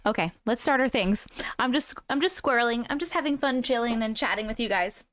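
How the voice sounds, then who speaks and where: Woman host chatting on a home livestream, laughs a lot, kinda high voice, dry mic. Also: a little fast, a bit bright, no room sound. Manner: chatty, laughs often, coos at her cat. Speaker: host of a live stream. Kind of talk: casual live-stream chat with viewers.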